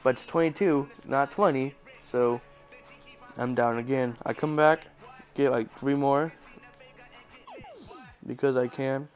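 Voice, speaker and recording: A man's voice: mid-range voice, steady tone, takes it slowly, pauses often, soft background music. A man with a stuffy, congested nose giving casual, joking and sarcastic game commentary. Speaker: gaming channel host.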